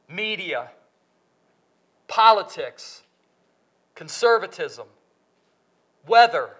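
A man delivers a sermon in a high, bright voice that swoops up and down as he pushes his points. He speaks slowly and deliberately, leaning hard on the lines he quotes and peppering the room with questions. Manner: questioning, lively emphatic delivery with drawn-out quotes. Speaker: preacher.

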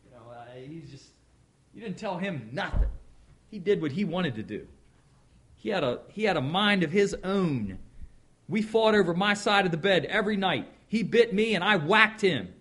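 A man preaching in a slow, folksy way, leaning hard on single words and then dropping to near-quiet asides. His voice sits a bit high for a man and roams widely in pitch. It has a husky edge. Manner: folksy, drawn-out, swings from loud emphasis to quiet asides. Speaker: pastor. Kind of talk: sermon.

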